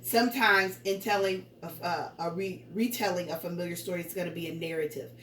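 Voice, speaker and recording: A woman teaching a young class to read, with a slightly low voice. She is patient and encouraging and reads sample sentences slowly with exaggerated intonation. She sounds a little distant from the mic, in an echoey room. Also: steady tone, fairly bright tone, slight background noise. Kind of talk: early-grades remote reading lesson.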